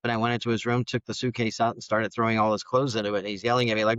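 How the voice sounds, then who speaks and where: A middle-aged man, a guest on a podcast, telling his personal story in an animated way and acting out the dialogue. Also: fairly low pitch, rapid-fire, few pauses, smooth, no room sound. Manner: animated, acts out quoted dialogue. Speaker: podcast guest, foster parent. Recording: dull, dry studio sound.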